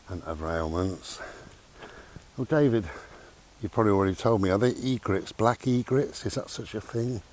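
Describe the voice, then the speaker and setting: In a casual outdoor vlog filmed in a park on a handheld camera mic, a man rambles and chats, talking to his dog and sounding a little breathless from walking. His voice sits low and a touch mellow, with faint outdoor noise around him.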